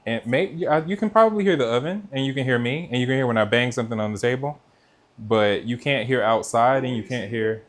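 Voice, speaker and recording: A man's voice: mid-range voice, quick pace. Chatty man hosting a live cooking stream. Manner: chatty, talks straight to viewers and reads out their comments. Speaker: cooking livestream host. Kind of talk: casual live chat while cooking. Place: kitchen. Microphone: mic with noise cancellation.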